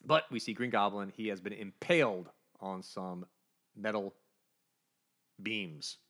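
In an unhurried, fairly low voice, a man co-hosting a podcast casually walks through a comic book's story, animatedly slipping into the characters' voices for brief moments.

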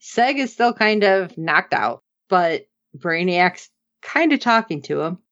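A woman's voice: slow, lo-fi sound. A woman on a podcast chatting casually about a TV episode, acting out the characters' lines as she recaps. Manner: animated, acts out characters' lines with big pitch jumps. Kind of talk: casual chat.

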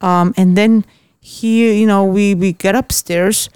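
A woman's voice: medium pitch, slow pace, smooth, dry recording. Woman, from Austria, casual storyteller, blunt and profane, dry studio sound. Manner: blunt, swears freely, animated storytelling. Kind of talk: casual chat.

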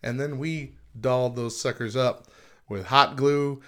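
A man's voice: mid-range voice, fairly even intonation, unhurried. A man co-hosting a casual podcast chat, laughing often and reading passages aloud. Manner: chatty, laughs often, reads quotes aloud. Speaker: podcast co-host.

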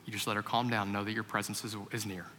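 A pastor voicing the gentle inner voice of God, speaking softly and slowly in a hush. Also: male voice, on the low side, level tone, slight background noise, pitched below the performer's own voice. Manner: soft, slow, hushed. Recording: long hall reverb.

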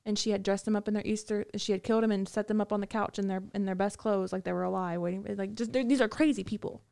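A woman's voice: mid-range voice, fairly even intonation, fast, creaky, mellow. A woman rambling through stories of her time in prison, in a casual interview. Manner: rambling, many fillers and restarts. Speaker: guest recounting prison time. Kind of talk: casual storytelling.

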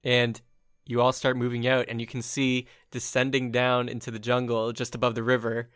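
A man narrating a tabletop game as game master in a loose, relaxed way. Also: medium pitch, moderate pace, clean tone, no room sound, clean studio sound.

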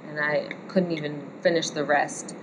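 A woman in her thirties, a tattoo artist, telling a story in a relaxed, chatty way. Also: deep voice, moderate pace, noisy background. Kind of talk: casual storytelling chat.

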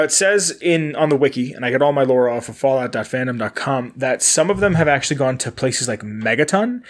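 A man hosting a casual solo podcast, rambling and correcting himself as he talks. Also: mid-range voice. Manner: rambling, chatty, self-correcting, laughs easily. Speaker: podcast host. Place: indoors in a building he recently moved into. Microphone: camera and microphone setup.

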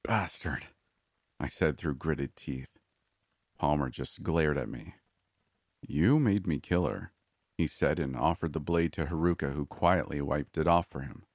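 A man narrating a first-person horror story in a measured, grim way. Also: rumbling low, steady tone, no echo, studio quality.

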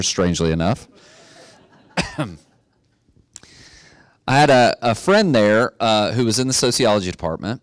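A middle-aged man preaching a sermon, telling a story in a relaxed way and building to emphatic exhortation. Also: on the low side, clean tone, dry recording. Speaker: pastor.

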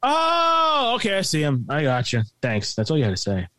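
Blunt, opinionated man with a lively voice. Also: mid-range voice, fast talker, no echo. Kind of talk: casual movie chat.

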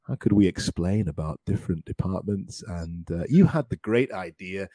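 A man with a fairly low voice that rises and falls a lot as he teaches pronunciation on a podcast. He praises his student warmly and says each word slowly, breaking it down. The sound is dry and close. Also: expressive, slightly rough, dry recording. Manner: encouraging, repeats words slowly for practice. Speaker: English teacher and podcast host.

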